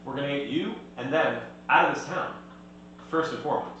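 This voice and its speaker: A man's voice: medium pitch, fairly quick, fairly bright tone. A man playing at a tabletop game table, asking blunt, pointed questions. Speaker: player. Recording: distant echoey room with faint noise.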